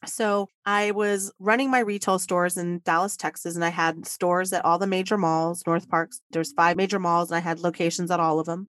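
A woman recounts her own story on a podcast with lively emotion. The sound is dry and close, with no room around her voice. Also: fairly low pitch, normal speed, hardly any pauses, no echo. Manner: animated, emotional storytelling with laughs. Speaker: podcast guest. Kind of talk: personal storytelling.

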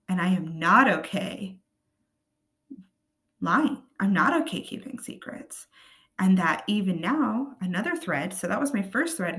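A woman with a raspy voice hosting a podcast, talking earnestly and often checking in with her listeners. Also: medium pitch, fairly bright tone. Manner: earnest, checks in with tag questions like "right?" and "okay?". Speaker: podcast host. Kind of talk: casual podcast monologue.

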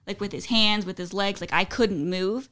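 A woman's voice: medium pitch, moderate pace, a bit bright. A woman on a casual podcast telling personal stories, rambling with lots of "like" fillers. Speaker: podcast co-host. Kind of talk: casual storytelling chat.

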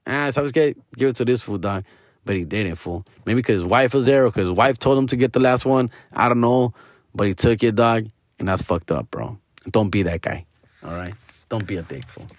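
A man's voice: mid-range voice, dry recording. Man, slangy profane rant, spanish mixed in, dry close sound. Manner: slangy, profane, mixes Spanish, calls listener fool. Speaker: comedian. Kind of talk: casual rant.

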